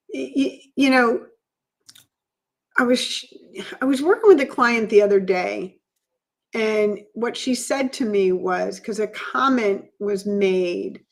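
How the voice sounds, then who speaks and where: A woman co-hosting a podcast as a coach, speaking earnestly and reflectively in casual conversation. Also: mid-range voice. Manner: earnest, reflective, shares personal stories.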